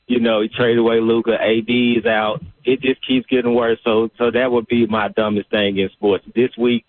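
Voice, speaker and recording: A man's voice: mid-range voice, level tone, moderate pace, no room sound. A man calling in to a sports radio show, chatty and amused, heard over a thin phone line. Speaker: caller.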